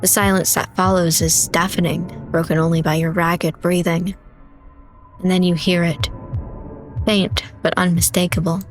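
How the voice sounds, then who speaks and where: A young woman streamer reading horror narration from a visual novel slowly and dramatically. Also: on the low side, little pitch movement, soft background music, low-quality recording.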